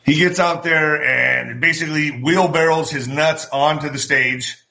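Brash, bright-voiced male vlog host. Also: on the high side, unhurried, vocal fry. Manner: animated, profane, gestures with hands while talking; former boxer. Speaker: show host. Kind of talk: political commentary vlog.

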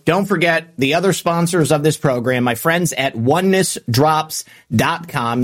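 A man hosting a live-stream show, chatting casually and reading out viewer comments with offhand asides. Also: on the high side.

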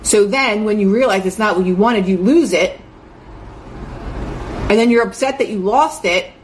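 A woman's voice: mid-range voice, normal speed. Chatty earnest woman, faint hiss. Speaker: host. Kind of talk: casual motivational talk.

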